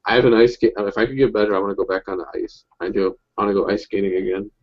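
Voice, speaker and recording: A man's voice: on the low side, little pitch movement, rapid-fire, highs cut off. A young man chatting casually, rambling through stories with lots of swearing and restarts. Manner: rambling, profane storytelling with many restarts. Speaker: chat participant telling stories. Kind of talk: casual group chat.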